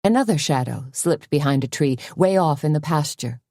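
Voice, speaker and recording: Casting: woman audiobook narrator, deep and warm, steady measured delivery. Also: no echo, clean studio sound. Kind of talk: scripted narration.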